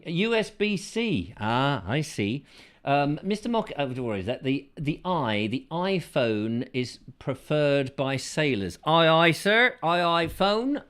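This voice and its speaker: A man hosting a casual chat show, reading out viewer comments with playful, silly asides and sudden falsetto bursts.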